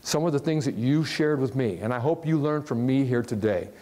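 A man from Ohio giving a live motivational talk to an audience, animated and jokey, often putting questions to the crowd. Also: medium pitch, a little fast. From Ohio, USA. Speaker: motivational speaker. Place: large hall with a live audience.

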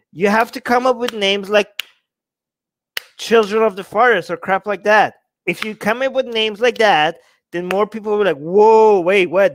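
A man's voice: high voice, dry recording. A man hosting a livestream, mocking and exasperated as he reacts to the live chat. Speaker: livestream host. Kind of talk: livestream commentary.

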